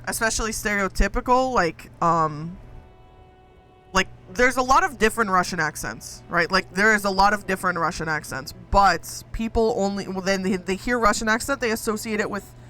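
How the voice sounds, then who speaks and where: Brief: streamer with a mixed American and Indian English accent, bright voice, rambling chat, light music behind. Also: female voice, medium pitch, moderate pace. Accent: mix of American and Indian English. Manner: rambling, lots of fillers, giggly. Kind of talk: casual chat with viewers while gaming.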